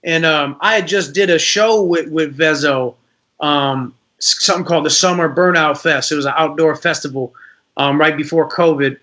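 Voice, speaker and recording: A man's voice: fairly high pitch, moderate pace. A man from Detroit, a rapper guest, telling stories in a casual podcast interview and acting out the voices of people in them. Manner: animated storyteller, acts out voices.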